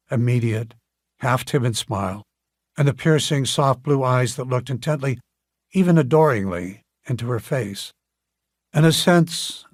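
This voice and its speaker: A man narrating an audiobook in a calm, measured storytelling manner. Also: mid-range voice, dry recording, clean studio sound. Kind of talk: scripted narration.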